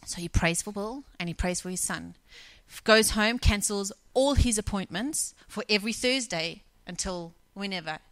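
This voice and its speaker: A woman's voice: mid-range voice, normal speed, hardly any pauses, fairly bright tone, no room sound. Woman preaching with dry close sound. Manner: conversational, retells scenes with quoted dialogue. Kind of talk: sermon storytelling. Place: church.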